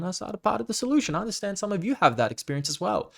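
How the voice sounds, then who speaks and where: A man's voice: high voice, very animated, racing, vocal fry, a bit bright. A man hosting a casual monologue podcast, talking in a blunt, profane and rambling way about his coaching business. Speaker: fitness coach and podcast host.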